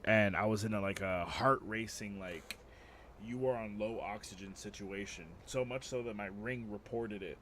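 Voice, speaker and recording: A man talks casually while streaming a video game, his voice sitting a bit low. He swears freely and drifts into animated storytelling. A faint background hum runs under his voice. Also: normal speed. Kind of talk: casual gaming stream chat.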